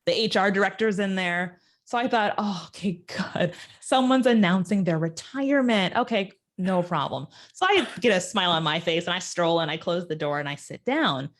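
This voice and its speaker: A woman guest in an interview telling a personal story, acting out the quoted voices with sudden jumps in pitch. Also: moderate pace, few pauses.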